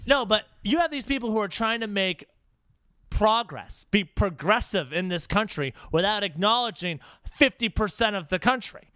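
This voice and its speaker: A man's voice: sits high, lively intonation, moderate pace, sharp tone, smooth, no room sound. A man co-hosting a podcast, emphatic and provocative in casual chat, swearing freely. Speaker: podcast co-host.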